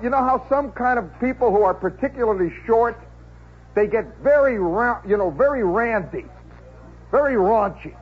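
Forties american guy, radio storyteller, wry and chatty, higher voice, faint hiss on an old tape. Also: creaky, dull audio. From United States. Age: 40s. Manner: wry, conversational, chuckling asides. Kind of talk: rambling comic storytelling monologue.

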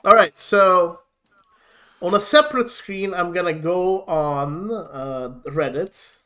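A man co-hosting a casual gaming podcast, halting with fillers and restarts and laughing often. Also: sits high, pushed and bright, clean tone. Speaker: podcast co-host. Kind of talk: casual chat.

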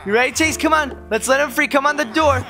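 A man hosting a gaming video, giving excited, goofy gameplay commentary and often shouting. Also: very high-pitched, fast talker. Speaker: gaming channel host and dad. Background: game music.

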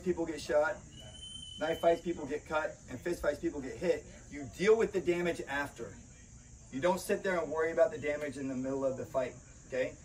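A man's voice: fairly high pitch, darkish tone. Emphatic man teaching, slightly off-mic. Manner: emphatic, often checks in with "right?". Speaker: protection dog trainer and podcast host. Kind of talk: casual instructional talk. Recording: slightly distant mic, faint background noise.

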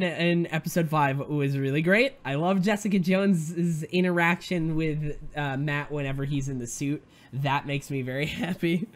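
Rambling, chatty male show reviewer. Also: fairly high pitch. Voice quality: rambling and chatty, with frequent fillers and self-interruptions. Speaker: host. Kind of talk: casual vlog-style TV show review.

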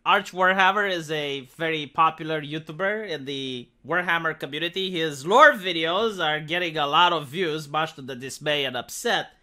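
A commentary channel host rants sarcastically through an opinionated take, his speech crammed with "like." His voice runs a bit high and sounds pushed and bright, moving at a normal speed with hardly any pauses.

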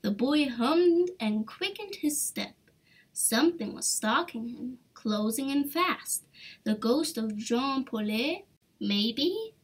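A woman reading a children's book aloud with expressive, animated storytelling. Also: high-pitched, takes it slowly, husky, low-quality recording. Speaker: storybook reader.

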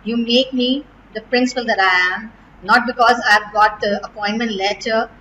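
A middle-aged Indian woman principal speaks a farewell to her students with a bright, forceful tone. Her voice sits fairly high, and she sounds close to tears as she pauses and restarts. A faint noise hums behind her. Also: steady tone, rough recording. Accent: Indian English. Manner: emotional, heartfelt, pausing and restarting. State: near tears. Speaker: school principal. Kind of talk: farewell address to graduating students.

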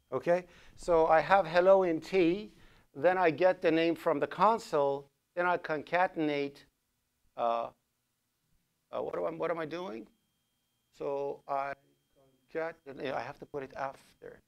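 A man with a high-ish voice and vocal fry lectures a programming class while coding live. Speaking with a Persian accent, he thinks aloud, using fillers and correcting himself along the way.

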